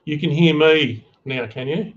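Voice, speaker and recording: A man's voice: a little high, unhurried, muffled recording. A man joining a livestream by call, joking and teasing the host in casual banter.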